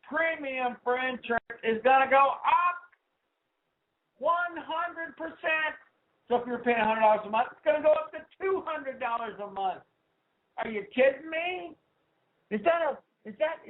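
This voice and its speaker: A man hosting his own talk radio show, ranting with heat and swinging from low asides to loud outbursts. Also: normal speed. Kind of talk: political talk radio rant. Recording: tinny phone-like sound.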